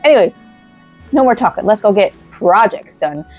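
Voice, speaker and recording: A woman's voice: mid-range voice, animated, normal speed, darkish tone. Chatty, rambling woman gaming. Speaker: let's play host. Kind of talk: casual gameplay chat while crocheting. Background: faint game music.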